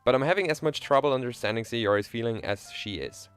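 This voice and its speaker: A man's voice: mid-range voice, quick pace, clear, resonant tone, faint music behind. A young man streaming, reading a visual novel aloud in a playful, joking way and chatting with viewers.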